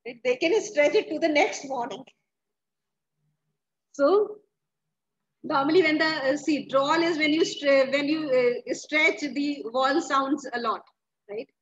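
A woman's voice: sits high, slow, pauses often, highs cut off. A woman, a teacher explaining a story to her class, asking questions and often restarting her sentences. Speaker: English teacher.

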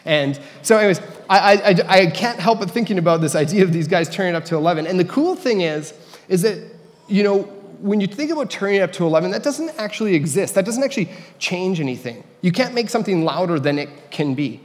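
Man, pastor, conversational sermon, joking asides, a little high-pitched. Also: lively intonation, fast talker. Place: church sanctuary. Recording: reverberant church hall.

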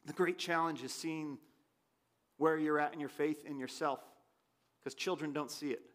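A pastor preaching a sermon in a church, his voice swinging from loud questions to quiet asides. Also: fairly high pitch, fairly even intonation, normal speed. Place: church sanctuary.

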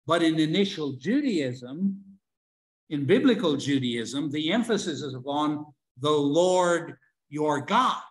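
An older man teaching a religion class online, lecturing with many fillers, restarts and pauses. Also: on the high side, animated, poor audio.

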